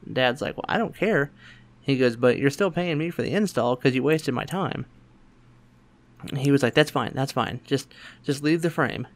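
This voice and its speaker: A young man hosting a podcast, telling a work story in a quick, animated way and acting out other people's lines. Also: mid-range voice. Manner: quick, animated anecdote-telling with voiced quotes. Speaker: podcast host. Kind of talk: casual storytelling chat.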